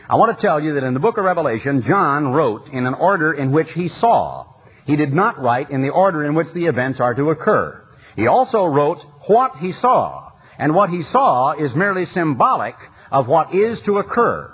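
Guy preaching to a big arena crowd, husky breathy voice, gets fired up reading scripture. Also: on the high side, very animated, normal speed, poor audio. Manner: impassioned, reads scripture aloud, lists items in rising cadence. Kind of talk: sermon to a large audience. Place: large arena.

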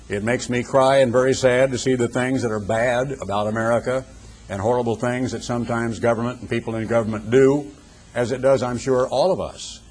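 An older man giving a radio sermon, husky-voiced, building emphatic rhetorical questions. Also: medium pitch, darkish tone, a little hiss or hum. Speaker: preacher, radio broadcaster.

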